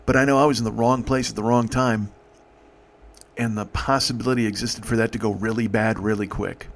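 A man hosting a podcast, telling a personal story in an emotional, profane way, halting and restarting. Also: lowish voice, steady tone. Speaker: podcast host.

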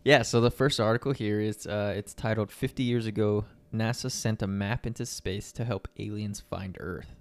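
A man's voice: fairly low pitch, normal speed, few pauses, no room sound. A young man co-hosting a podcast, chatting casually with fillers and reading news articles aloud. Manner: relaxed, rambling with fillers. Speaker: podcast co-host.

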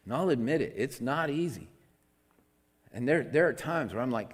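A man delivers a sermon through a microphone in a conversational, confessional way, stumbling over restarts and swinging from loud emphasis to soft near-whispers. His voice sits at an ordinary middle pitch for a man. The sound rings with the long reverb of a large hall. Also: normal speed. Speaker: pastor. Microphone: amplified microphone.

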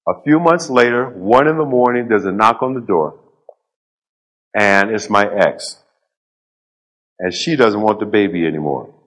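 A middle-aged man giving a motivational storytelling speech on stage before a live audience, in short punchy phrases with dramatic pauses and dry humor. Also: lowish voice, fairly bright tone. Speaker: public speaker.

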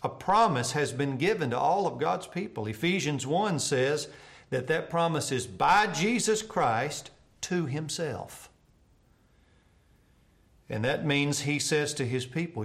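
A man, a pastor, preaching a televised sermon and telling an illustration story, often dropping his voice soft for tender moments. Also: fairly high pitch, animated, takes it slowly. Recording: televised church broadcast.

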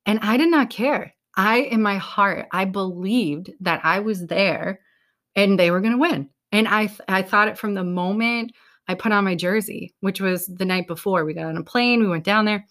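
A woman's voice: mid-range voice, normal speed, a bit bright. Upbeat New woman giving a pep talk. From New England. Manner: upbeat, casual, swears now and then. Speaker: podcast host.

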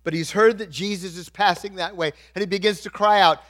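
A middle-aged male pastor preaching a sermon, swinging from quiet asides to loud, emphatic points. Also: high voice, steady tone, brisk.

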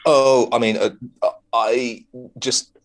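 A man with a medium-pitched, flat voice talks slowly as a podcast co-host in a casual film review chat about a TV episode. He rambles, swearing and full of ums and restarts.

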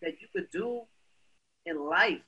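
A woman's voice: fairly low pitch, animated, takes it slowly, sharp tone, husky, lo-fi sound. A woman from Brooklyn, a guest telling stories in a casual interview and dropping many "you know"s along the way. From Brooklyn, New York.

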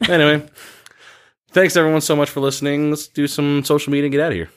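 A man's voice: fairly high pitch, flat delivery, fast. A man hosting a podcast, chatting about a film in a laid-back way and signing off the show. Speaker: podcast host. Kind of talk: casual film review chat.

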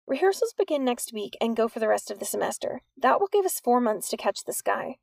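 A woman voicing an anxious, quick-minded teenage schoolgirl in a high, earnest voice. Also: sing-song, vocal fry, darkish tone, dry recording, studio quality, exaggerated voice.

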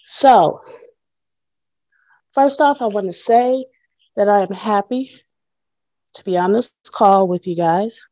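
A woman speaking as a guest teacher in an online Bible class, out of breath and halting, with many pauses and fillers. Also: mid-range voice, dark tone, no echo, lo-fi sound. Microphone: video call.

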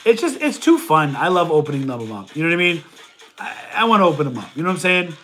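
Chatty high-voiced man on a livestream. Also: big pitch swings, fast talker, fairly bright tone. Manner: chatty, reads viewer questions aloud and answers. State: stuffy nose. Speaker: livestream host and reseller. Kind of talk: casual livestream Q&A.

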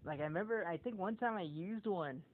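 A man's voice: high voice, brisk. A man in casual podcast chat, telling rambling, profane stories and acting out what people said. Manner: profane, rambling storyteller who acts out quotes. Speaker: podcast co-host. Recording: tinny phone-like audio with faint noise.

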